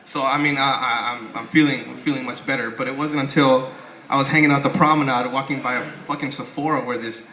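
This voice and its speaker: A man's voice: mid-range voice, fairly even intonation, a little fast, pushed and bright. A young man doing a stand-up comedy set, rambling, swearing and stammering through restarts. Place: comedy club stage. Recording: echoey club with crowd noise. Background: audience laughing.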